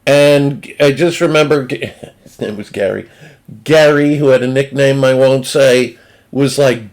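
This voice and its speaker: Speaking a little slowly in a medium, somewhat mellow voice, a man with a Northeastern US accent rambles through a crude, funny story and keeps interrupting himself. The feel is casual comedic storytelling.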